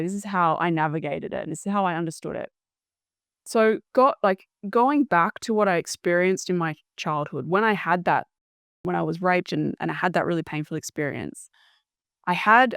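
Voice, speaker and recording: Earnest woman guest, lower voice. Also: no room sound, studio quality. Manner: earnest, reflective, searching for words. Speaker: interview guest. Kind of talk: personal storytelling in an interview.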